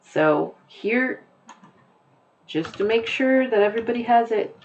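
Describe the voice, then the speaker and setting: Slow-speaking American woman teaching. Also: fairly high pitch, lively intonation, highs cut off, slight background noise. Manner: deliberate, repeats key points. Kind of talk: classroom lesson explanation.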